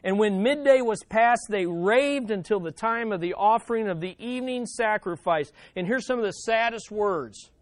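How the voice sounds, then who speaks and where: A pastor preaching to a congregation and speaking straight to them in a conversational tone. The delivery swings widely, dropping to hushed asides and then climbing to loud, emphatic exclamations. The recording is dry, with no room echo. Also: mid-range voice, lively intonation, normal speed. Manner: conversational, addressing the congregation directly. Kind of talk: sermon.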